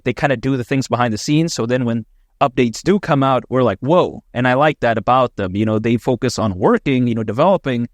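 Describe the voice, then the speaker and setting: A man's voice: mid-range voice, no room sound, clean studio sound. A man hosting a casual, opinionated crypto commentary video, enthusiastic and chatty with lots of fillers. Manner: enthusiastic, conversational, many fillers.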